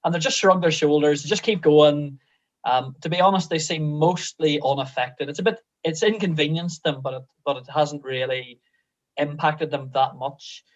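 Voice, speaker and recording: A man's voice: a little high, normal speed, highs cut off. A man who is a pastor, answering questions thoughtfully with hesitant restarts. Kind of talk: casual interview answers.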